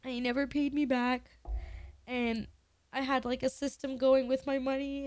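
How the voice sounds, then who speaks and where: A woman's voice: sits high, little pitch movement, normal speed, darkish tone, no echo. Woman, twenties, live streamer, casual candid chat, dry recording. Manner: emotional, candid, swears casually.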